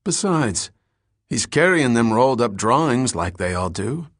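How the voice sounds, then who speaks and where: A man's voice: medium pitch, big pitch swings, measured pace, no echo, studio quality. A man voicing a blunt, slangy working-class male security guard. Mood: casual. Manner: rough slangy grammar.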